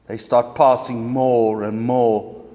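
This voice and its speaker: A man's voice: medium pitch, flat delivery, takes it slowly, dark tone. A man preaching a sermon, telling a story dramatically in the second person. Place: church. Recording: echoey church reverb.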